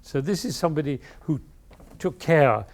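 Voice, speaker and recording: A man leading a music masterclass, expressive and playful, singing phrases aloud to show how they should go. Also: fairly high pitch, normal speed. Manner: playful asides. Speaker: music teacher leading an interpretation class. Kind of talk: masterclass coaching.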